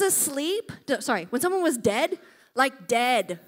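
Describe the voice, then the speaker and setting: A woman preaching a sermon in church, telling stories with lively energy and often checking in with her listeners. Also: sits high, unhurried. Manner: animated storytelling, often checks in with "okay?".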